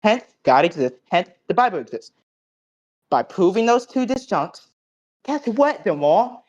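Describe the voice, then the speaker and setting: A man recapping an online debate, cocky and profane, lecturing in logic jargon with loud bursts and low mutters. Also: big pitch swings, measured pace.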